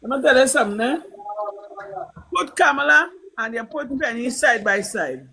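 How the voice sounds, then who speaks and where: A woman's voice: high-pitched, lively intonation, normal speed, vocal fry, pushed and bright, breathy edge, rough recording. A Trinidadian woman talking politics on a live stream with fervent emphasis, repeating her points. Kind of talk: impassioned political talk.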